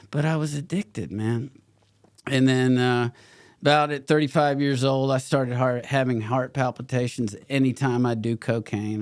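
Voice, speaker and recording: A man's voice: mid-range voice, a little mellow, dry recording. Middle-aged male actor, podcast guest, blunt and profane, dry close mic. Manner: blunt, swears freely, laughs between stories. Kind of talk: candid storytelling interview.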